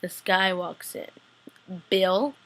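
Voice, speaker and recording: A young woman talks into her laptop webcam, recapping a TV episode in a casual, excited rush. She leans on fillers and breaks into high squeals when she acts out the scenes. Her voice sits at an ordinary middle pitch between bursts. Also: slow. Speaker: vlogger reviewing a TV episode.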